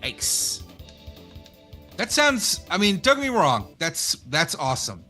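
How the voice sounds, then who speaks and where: A man's voice: fairly high pitch, wildly swooping pitch, bright, forceful tone, faint music behind. A man from the American South, co-hosting a casual gameplay chat, joking and swearing freely. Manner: joking, profane, quick to laugh. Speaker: co-host.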